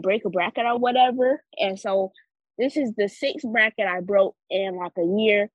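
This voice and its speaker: An earnest, upbeat teenage girl co-hosts a student podcast. Her voice is a little high, and the dry recording sounds slightly dull and muffled. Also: no echo. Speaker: podcast co-host. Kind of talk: casual chat.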